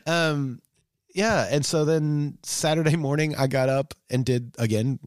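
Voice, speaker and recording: Speaking at a measured pace in a slightly high voice, a male podcast co-host frankly shares rambling personal stories full of fillers during a casual chat. The recording is studio quality with no room sound.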